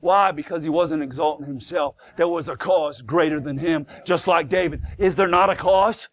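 Fervent high-voiced preacher with gravelly edge. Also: male voice, moderate pace, muffled recording. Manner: fervent, swings from low asides to shouted exhortation; folksy plain-spoken grammar. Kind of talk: fiery Pentecostal sermon. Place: church sanctuary.

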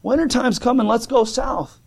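Man doing crows in a sermon story, calling high and urgent, coaxing, lifted well above his own pitch. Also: moderate pace, gravelly, exaggerated voice. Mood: urging. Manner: urging, calling out from overhead. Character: flock of wild crows calling a friend south.

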